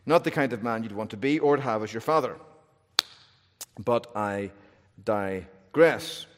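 A man's voice: lowish voice, measured pace. A man preaching an expository sermon, telling the story with wry humor and shifting emphasis. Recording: long hall reverb.

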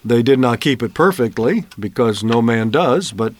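A man's voice: mid-range voice, animated, normal speed, dry recording. A man giving an earnest, emphatic Bible sermon on the radio, often asking rhetorical questions. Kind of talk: broadcast sermon.

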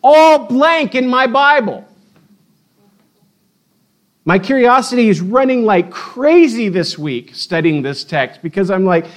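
A high-pitched male pastor gives a lively sermon, retelling the story with playful energy. His voice sits high, and he slips into acted-out quotes as he goes. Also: slow pace, pauses often.

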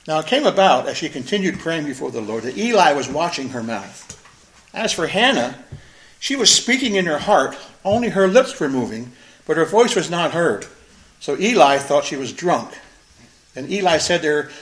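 An earnest, emphatic man preaches, reading scripture aloud and unpacking it phrase by phrase. His voice sits slightly high for a man and often repeats words to drive a point home. The sound carries a noticeable room echo. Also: big pitch swings, normal speed, a bit bright. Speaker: pastor. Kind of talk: expository sermon, reading and explaining scripture.

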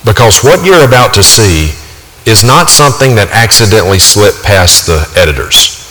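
Man, preacher, low voice, sharp forceful tone, emphatic sermon delivery, long hall reverb. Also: very animated, normal speed.

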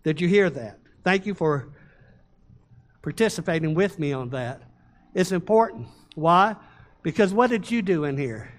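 High-voiced man preaching a sermon. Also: lively intonation. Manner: preaching with call-and-response, slowing and rising on key words. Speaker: pastor.

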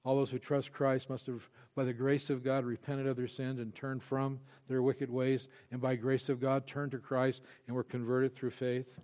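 A man's voice: medium pitch, completely flat delivery, moderate pace, few pauses, a little mellow. A male pastor preaching a sermon, earnest and emphatic, with frequent restarts.

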